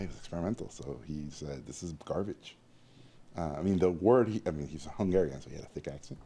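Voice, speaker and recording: A man being interviewed, telling lively stories about his early art training and acting out the people in them. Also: low voice. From Mexico. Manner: animated storyteller, acts out quoted voices. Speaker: guest animator. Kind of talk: storytelling interview.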